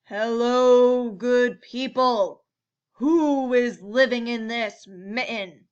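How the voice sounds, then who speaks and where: A woman doing a booming hearty bear. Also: smooth, highs cut off. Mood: bellowing. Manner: loud bellowing and slow. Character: big booming male bear, hearty and pushy.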